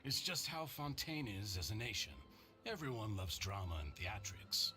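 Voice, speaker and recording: An actor playing a kindly, polite older man in a video game, speaking in a gently formal way. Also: on the low side, sing-song, normal speed, over music. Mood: courteous. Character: kindly older uncle figure, polite and courtly.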